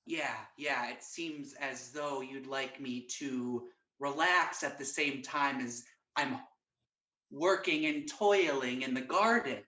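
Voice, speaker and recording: A man's voice: mid-range voice, slow, sharp tone. A man playing a put-upon gardener in an improv scene, grumbling. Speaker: improv player. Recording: distant, echoey room.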